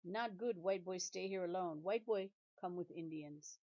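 A woman reading a storybook voices a solemn, dignified old man who speaks slowly and quietly. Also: fairly low pitch, no echo, lightly acted. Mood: firm. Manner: slow, grave and quiet. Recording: dull lo-fi recording.

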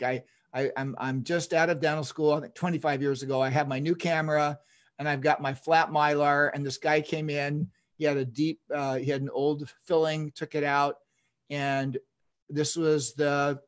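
A man in his fifties, a dentist giving an online lecture, telling stories enthusiastically with chuckles and restarts. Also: fairly high pitch.

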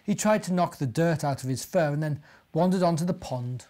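A man, a minister, gently reading a storybook and talking to young children. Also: on the high side, a little fast.

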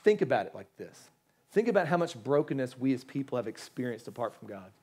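A man's voice: medium pitch, big pitch swings, fast, a little mellow, slightly rough. A man in his thirties, a pastor, preaching an earnest and emphatic sermon in a church, often repeating phrases and restarting his sentences. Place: church sanctuary.

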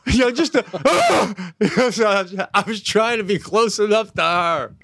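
A middle-aged man co-hosting a casual podcast chat, telling stories with loud acted-out quotes and plenty of swearing. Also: high voice, fairly quick, no room sound, clean studio sound. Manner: animated storyteller, acts out loud quotes, swears freely. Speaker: podcast co-host. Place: home studio.

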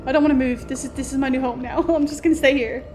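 Jumpy high-voiced woman gamer. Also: steady tone, quick pace, darkish tone, slight background noise. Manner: jumpy, exclamatory, talks to the game. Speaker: gaming streamer. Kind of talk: let's play commentary.

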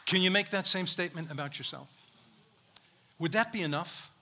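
A man's voice: high-pitched, normal speed, crowd noise, noisy background. A man preaching a sermon as pastor, emphatic, acting out quoted speech and calling out to the congregation.

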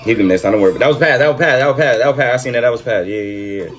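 A man doing excited reaction commentary over a basketball video, repeating himself and talking in slang. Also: mid-range voice, racing. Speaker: reaction streamer.

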